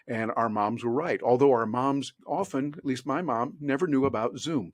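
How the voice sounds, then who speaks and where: A man talking as a guest on a video call from his home office, folksy and animated, acting out little dialogues as he tells stories. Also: mid-range voice, normal speed, few pauses, no echo. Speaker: guest speaker. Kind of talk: casual interview chat.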